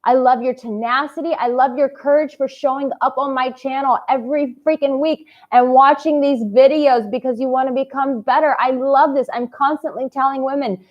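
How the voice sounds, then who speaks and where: A woman's voice: high-pitched, fairly even intonation, moderate pace, hardly any pauses. Effusive woman coach, dull lo-fi sound. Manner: effusive, swings from hushed tenderness to loud exuberant outbursts, swears casually. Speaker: dating coach. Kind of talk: heartfelt motivational vlog talk.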